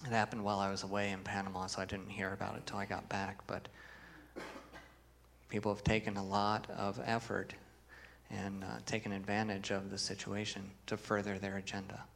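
Low, gravelly-voiced male pastor preaching. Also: completely flat delivery, brisk, fairly bright tone, slight background noise. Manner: earnest, asks the congregation questions and reads scripture with emphasis. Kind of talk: sermon.

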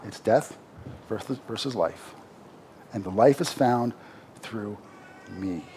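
A man's voice: lowish voice, slow pace, a little mellow, slight background noise. A man preaching a sermon, explaining a Bible passage in a conversational way and rising emphatically when he reads the verses.

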